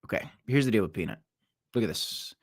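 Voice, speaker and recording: A young man hosting a casual crypto livestream, talking in a rambling, animated way that swings between loud and quiet. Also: fairly low pitch, a little fast. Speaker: crypto show host. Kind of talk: casual livestream market chat.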